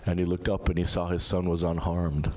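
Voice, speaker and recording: A man in his thirties giving an emotional religious sermon, moving from casual asides to the audience into high, pleading retold prayers. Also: completely flat delivery, fairly quick, dark tone. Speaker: majlis speaker.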